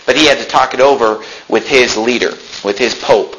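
A man's voice: medium pitch, moderate pace, hardly any pauses, a little hiss or hum, rough recording. A man preaching a sermon, reading Bible verses aloud and telling stories in which he acts out the people he talked to. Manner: animated storytelling, acts out voices in anecdotes; reads Bible verses in King James wording.

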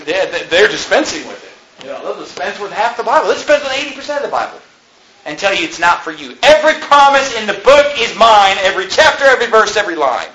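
A male pastor preaching a sermon, impassioned and animated, with mocking asides. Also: high-pitched, quick pace, poor audio.

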